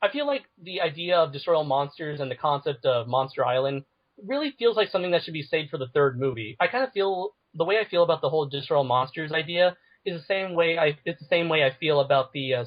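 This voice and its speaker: A man speaking as a guest on a casual podcast, in a measured way with stammered starts, over a muffled lo-fi recording. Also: fairly high pitch.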